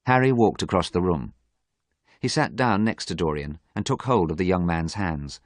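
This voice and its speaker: A man reading a story aloud for English learners, slowly and clearly in simple storytelling. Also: low-pitched, lively intonation, no room sound, clean studio sound. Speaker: narrator.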